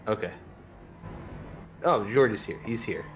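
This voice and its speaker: A man acting as league admin in a relaxed voice chat. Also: on the low side, measured pace. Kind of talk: casual chat.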